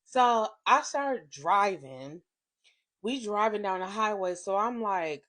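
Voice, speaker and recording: A woman in her thirties telling a confession story on her vlog, animated and profane, swinging between hushed and loud. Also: mid-range voice, slow. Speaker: vlogger.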